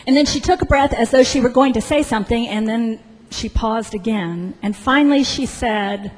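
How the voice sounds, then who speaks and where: A woman pastor preaching a sermon in a church sanctuary, telling a story slowly with deliberate pauses. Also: fairly high pitch, a little mellow, a little hiss or hum. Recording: long church reverb.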